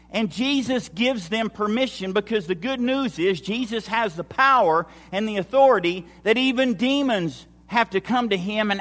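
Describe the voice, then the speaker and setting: High-voiced preaching man in a hall. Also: fairly bright tone. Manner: emphatic, repetitive preaching with acted-out quotes. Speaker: pastor. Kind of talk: sermon.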